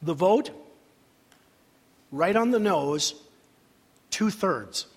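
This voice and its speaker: An older man preaching a sermon in a church, dramatic, with long pauses and sudden swells of emphasis. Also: high-pitched, expressive, slightly rough. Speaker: senior pastor. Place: church sanctuary. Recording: reverberant church hall.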